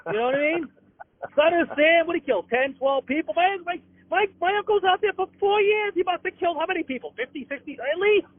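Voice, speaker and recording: High-pitched comic ranting by phone. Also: male voice, no echo. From Boston. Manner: rapid, repetitive, stammering restarts. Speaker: comedian guest. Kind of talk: comic rant. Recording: tinny phone-like line.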